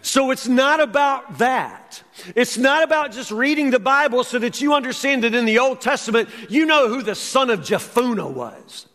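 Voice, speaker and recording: A man's voice: very high-pitched, animated, moderate pace, fairly bright tone, big-room sound. A man preaching a sermon as pastor, conversational with wry humor.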